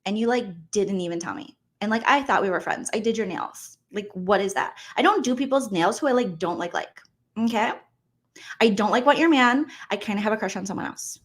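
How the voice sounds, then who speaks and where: A woman's voice: medium pitch, fairly quick, lightly acted. A woman voicing a sulky, ditzy young woman who says "like" constantly. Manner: filler "like" everywhere, whiny.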